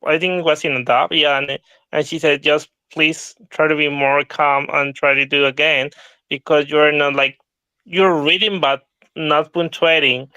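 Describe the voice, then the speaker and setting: A man's voice: fairly high pitch, little pitch movement, a little slow, pushed and bright, smooth, no room sound, lo-fi sound. A man taking part in a language workshop, talking earnestly and sometimes searching for his words. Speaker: workshop participant. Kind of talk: casual discussion.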